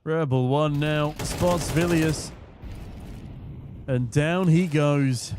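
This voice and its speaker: A hoarse young man casting an esports match from a booth, with quick, joking play-by-play. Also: fairly high pitch, darkish tone, slight background noise. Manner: quick, jokey, punning play-by-play. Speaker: esports caster. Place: casting booth at a live event.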